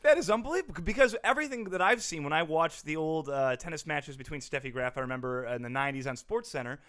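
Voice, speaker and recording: An earnest, mannerly interviewer, a man with a high voice. He asks careful questions in a lively, rising and falling tone, sometimes stretching his words. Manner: earnest, polite, drawn-out questioning. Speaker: podcast co-host, sketch interviewer. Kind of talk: comedy sketch interview.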